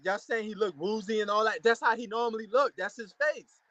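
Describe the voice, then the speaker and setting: A man giving a casual, excitable reaction commentary to a boxing match, repeating himself and using slang. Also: sits high, a little fast, no echo, lo-fi sound. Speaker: fight reaction host.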